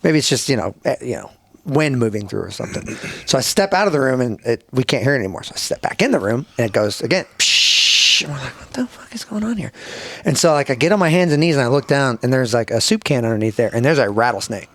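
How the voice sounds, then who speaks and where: A man, a former Navy bomb technician, telling stories on a podcast in an animated way, swearing freely and laughing often. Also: mid-range voice, fast talker. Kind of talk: casual storytelling.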